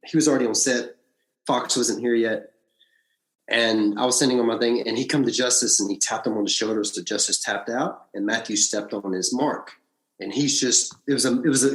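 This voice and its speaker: Man telling a story in an echoey room. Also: brisk. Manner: animated storyteller, frequent restarts and big pitch swings. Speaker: podcast guest. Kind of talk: casual storytelling interview.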